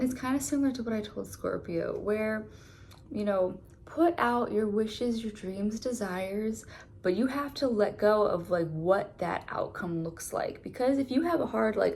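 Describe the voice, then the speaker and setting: Woman, casual tarot reading, chatty with many fillers, gravelly, mid pitch. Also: darkish tone, slight background noise. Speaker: tarot reader.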